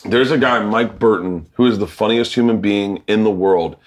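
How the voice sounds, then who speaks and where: Animated storytelling man, swears freely. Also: on the low side, normal speed. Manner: animated, swearing, acts out quoted voices, laughs a lot. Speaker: comedian telling stories on a cooking show. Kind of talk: casual storytelling chat.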